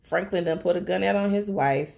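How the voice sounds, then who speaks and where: A woman chatting casually as she recaps a TV episode, talking straight to her viewers in a lively storytelling way. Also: on the low side, fairly quick, gravelly. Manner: chatty, addresses viewers directly; animated storytelling. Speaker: TV recap vlogger.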